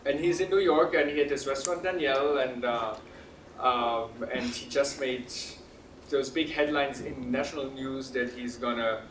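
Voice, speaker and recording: A man telling a personal story to an audience, halting and full of fillers, laughing often. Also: mid-range voice, fairly even intonation, slight background noise. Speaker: speaker at a talk. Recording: roomy sound from a distant mic.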